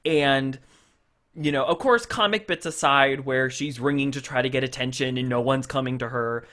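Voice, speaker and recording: A man co-hosting a podcast, chatting casually and retelling scenes with lively acted-out quotes. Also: mid-range voice, normal speed. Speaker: podcast co-host. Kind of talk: casual chat.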